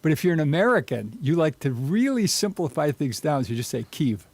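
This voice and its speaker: A man's voice: a little high, sing-song, fairly quick, a little mellow, dry recording. A man on a video call quizzing a group and explaining how a word is pronounced. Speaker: quiz-giving regular guest. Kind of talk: casual group chat.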